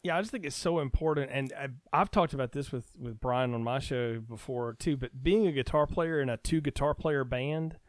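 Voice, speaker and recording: A man's voice: mid-range voice, normal speed, few pauses, dry recording. A man talking as a podcast guest, chatty and easygoing, rambling through stories in casual conversation.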